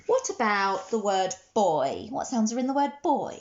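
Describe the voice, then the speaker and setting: A woman teaching a children's phonics lesson, sounding out words slowly and praising often. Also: mid-range voice, very animated, a little mellow, lo-fi sound. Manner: slow, sounding out words letter by letter with encouraging praise.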